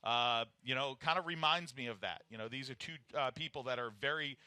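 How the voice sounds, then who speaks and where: A man's voice: medium pitch, brisk, bright, forceful tone, smooth, dry recording. A man doing color commentary at a race, chatting and reminiscing in a conversational way.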